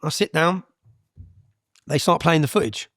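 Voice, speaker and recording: A man's voice: a little high, a little slow, fairly bright tone, no room sound, studio quality. A man, a guest on an interview podcast, telling his story bluntly and with energy, with frequent "yeah?" tags and some swearing.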